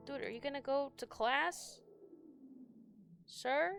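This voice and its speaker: A young woman streaming a game, chatting in a rambling, excitable way with her viewers. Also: sits high, slow pace, vocal fry, long pauses, over music. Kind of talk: casual live-stream chat while gaming.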